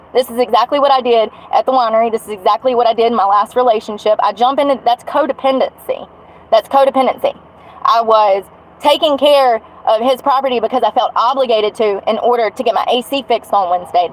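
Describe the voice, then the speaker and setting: A woman's voice: a little high, poor audio. A woman venting bluntly on a livestream, swearing as she rants. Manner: angry, blunt, swearing rant. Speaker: vlogger.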